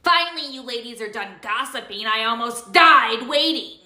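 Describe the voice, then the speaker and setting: A woman's voice: fairly high pitch, moderate pace, sharp tone, reverberant. A woman acting a rude, impatient female customer in a comedy skit. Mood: scornful. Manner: scornful, impatient. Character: rude demanding female customer returning soiled goods.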